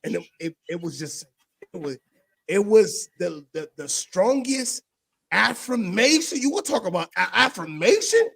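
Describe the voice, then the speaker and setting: A high-voiced man with a lively, swooping delivery tells a story casually, acting out the other people's voices and dropping almost to a whisper when it turns emotional. The recording is dry and close. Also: moderate pace, vocal fry, breathy edge, no room sound. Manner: animated, acts out voices in his story, drops to a near whisper for emotional parts.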